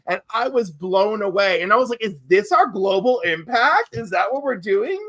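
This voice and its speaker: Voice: medium pitch, moderate pace. A podcast co-host from New York telling stories in casual chat, acting out quotes along the way. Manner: animated storyteller, acts out quotes.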